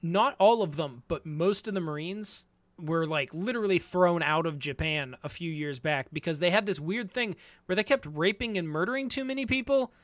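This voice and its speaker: A man's voice: high-pitched, normal speed, a bit bright, no room sound. A man in casual chat, recapping an anime plot with swearing, fillers and many restarts. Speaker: podcast co-host recapping an anime.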